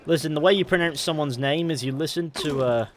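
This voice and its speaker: Brief: young streamer, rambling and excitable, headset mic, faint hiss behind. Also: male voice, on the high side, fairly quick. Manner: chatty, rambling, self-correcting, excitable. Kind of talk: casual live game stream chat.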